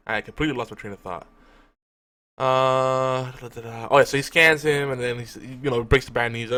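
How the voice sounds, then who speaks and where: A man's voice: fairly even intonation, brisk, pushed and bright. A man talking casually as a podcast host, recapping a TV episode with lots of restarts and asides. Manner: rambling, with frequent restarts and fillers; talks to his cat in a high cooing voice. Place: home room at a desk.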